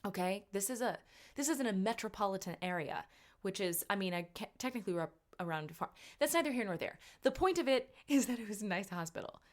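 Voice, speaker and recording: A woman hosting a podcast, telling a story in a casual, animated, self-mocking way, with her voice jumping up for punchlines. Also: medium pitch, fast talker. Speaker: podcast host.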